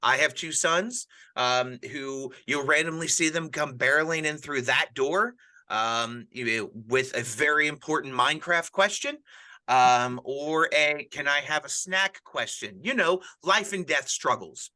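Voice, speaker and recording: Bright-voiced earnest male pastor. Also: on the high side, measured pace. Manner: earnest, rambling with frequent restarts. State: widowed, grieving. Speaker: pastor and podcast host. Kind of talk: casual podcast chat.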